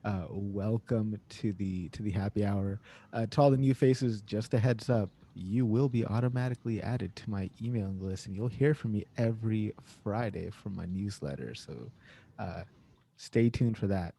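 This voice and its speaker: A man hosting a casual online happy hour on a video call, relaxed and easygoing, often calling people "man". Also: fairly low pitch, normal speed, gravelly, breathy edge. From Canada. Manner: laid-back, says "man" often, fillers. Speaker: host.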